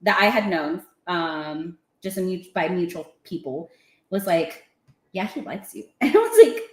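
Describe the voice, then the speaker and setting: A woman with a lowish voice, speaking a little slowly in a reverberant space, is a podcast guest telling a story in casual chat. She's animated, laughs often, and acts out what people said.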